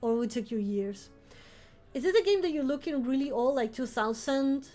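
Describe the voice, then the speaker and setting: Woman streamer, high voice, rambling casual chat, faint music behind. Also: normal speed, warm tone. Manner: rambling, chatty, with frequent laughs and restarts. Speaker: vampire-themed streamer.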